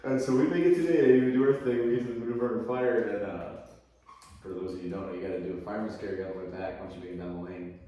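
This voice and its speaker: A man, a podcast guest, telling a profane story in casual chat, acting out quotes loudly and animatedly. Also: low voice, fairly even intonation, racing, lo-fi sound. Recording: very echoey room, far from mic, faint noise.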